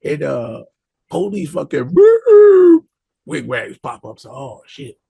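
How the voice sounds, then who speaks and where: Gravelly, husky man telling a story. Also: medium pitch, unhurried, no echo, narrow, tinny audio. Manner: loose, profane street talk with repeated asides. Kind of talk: casual storytelling to camera.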